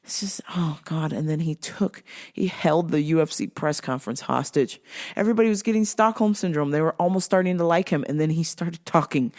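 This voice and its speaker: A woman hosting her own show, ranting in a casual, animated and exasperated way, swearing freely. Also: low-pitched. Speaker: show host.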